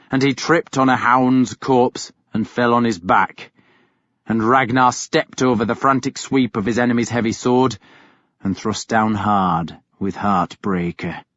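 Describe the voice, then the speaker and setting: A man reading an audiobook as scripted first-person narration, grave and measured. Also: mid-range voice, dry recording. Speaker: audiobook reader. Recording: dull, dry studio recording.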